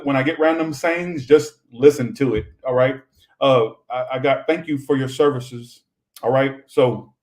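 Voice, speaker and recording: A man's voice: mid-range voice, darkish tone, rough recording. Young male tarot reader on a live stream: chatty and rambling, swears freely, ordinary mid-range voice.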